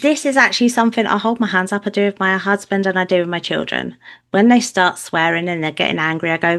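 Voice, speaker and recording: A middle-aged woman guesting on a spiritual podcast, telling lively stories and acting out quotes in a higher voice. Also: quick pace.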